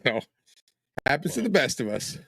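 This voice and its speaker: A man co-hosting a podcast, telling an animated story and acting out what people said. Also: mid-range voice, moderate pace, creaky, no echo, rough recording. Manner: animated, acts out quotes. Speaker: podcast co-host. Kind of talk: casual storytelling.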